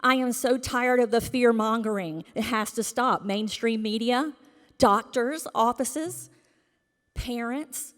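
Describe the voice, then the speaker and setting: Woman, unhurried public comment at a podium mic, indignant and emphatic, long hall reverb. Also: on the high side, fairly bright tone. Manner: emphatic and indignant, sometimes dropping to a whisper. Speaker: public commenter at a school board meeting. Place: school board meeting room.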